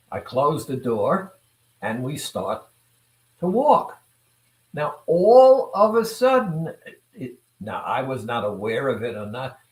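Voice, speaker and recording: A man leads a motivational talk, unhurried and measured, with a slightly high pitch and lively swings in his tone. He repeats phrases for emphasis and keeps putting questions to his listeners. The sound is roomy, with a noticeable echo. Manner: deliberate, repetitive, asks the audience rhetorical questions. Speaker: self-improvement speaker.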